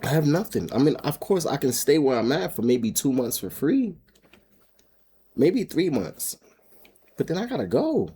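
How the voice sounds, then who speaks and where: A man's voice: a little high, sing-song, normal speed, pauses often, warm tone, breathy edge. A man vlogging about his homestead, telling a personal story in a casual, rambling way with frequent restarts and laughs.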